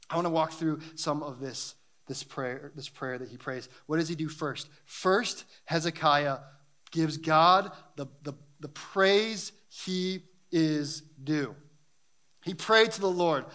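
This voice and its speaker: A man's voice: fairly high pitch, measured pace, bright, forceful tone. A man preaching a sermon and reading scripture, talking in an earnest, emphatic way that builds in intensity.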